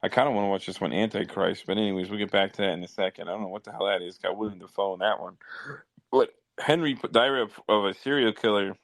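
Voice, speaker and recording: Casting note: rambling, profane male podcast host with a low voice and a dry, close sound. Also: fast talker, vocal fry, no echo. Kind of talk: casual chat.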